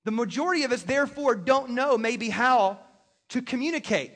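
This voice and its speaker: A man's voice: extremely high pitch, animated, normal speed, a bit bright. A man preaching a sermon as a pastor, talking in a conversational way with joking asides to the congregation. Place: church stage in a large hall. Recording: long hall reverb.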